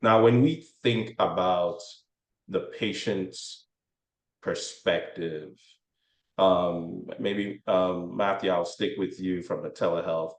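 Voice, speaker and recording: Deep-voiced male moderator in a roomy space. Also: fairly even intonation, slow. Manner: conversational, wry. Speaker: panel moderator. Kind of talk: panel discussion. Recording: roomy echo.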